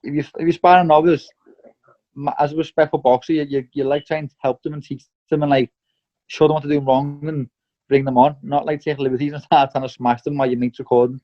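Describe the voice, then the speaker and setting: In a blunt, candid interview, this young boxer talks fast in a slightly high, even voice, cursing without restraint and sprinkling in "mate" and "lad." It's a somewhat muffled, lo-fi recording.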